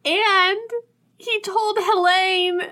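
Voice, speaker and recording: A woman's voice: very high-pitched, fairly even intonation, drawn-out words, bright, forceful tone. A woman in casual conversation about a romance novel, reading out and paraphrasing passages. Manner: chatty, quotes passages from the book. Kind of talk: casual chat.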